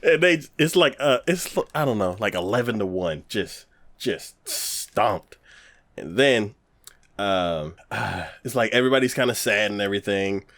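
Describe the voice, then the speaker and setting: A man co-hosting a casual podcast retells an episode loosely and animatedly, acting out quotes, rambling with many fillers and restarts. His lowish voice is unhurried, with no room sound.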